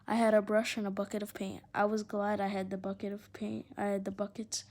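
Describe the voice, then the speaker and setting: A woman reading a children's adventure novel aloud in an expressive, animated way. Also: medium pitch, a little fast, few pauses. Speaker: storyteller.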